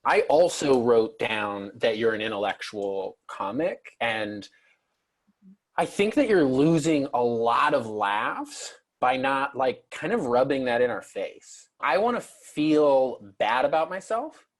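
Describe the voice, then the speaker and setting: A man co-hosts a comedy show and gives notes in a deadpan, earnest tone. His voice sits at a plain middle pitch. He makes terrible advice sound sincere. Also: slow. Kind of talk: mock-serious comedy coaching.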